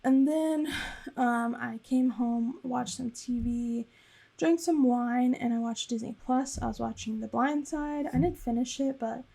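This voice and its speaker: Creaky-voiced young woman vlogger. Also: a little high, unhurried, dark tone. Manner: rambling and chatty, with frequent fillers. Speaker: planner vlogger. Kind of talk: casual voice-over recap.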